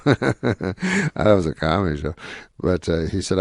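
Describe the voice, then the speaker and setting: A man's voice: low-pitched, big pitch swings, moderate pace, creaky, slightly rough, no room sound. A man in his fifties from Canada, a comedian guest telling stories in a rambling, wry way full of asides. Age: 50s. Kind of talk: casual anecdotal storytelling.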